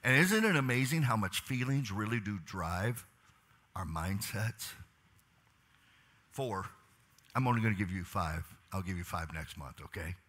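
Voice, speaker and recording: A middle-aged man giving a leadership talk in church as a pastor, asking the crowd questions and moving between quiet asides and loud urging. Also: lowish voice, expressive, a little slow, long pauses.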